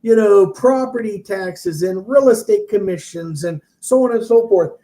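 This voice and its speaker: A man's voice: moderate pace, lightly acted. A man voicing a hyped male real-estate seminar guru with a Southern accent, pumping up a crowd. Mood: fired up. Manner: fiery, shouting crowd-pumping pitch.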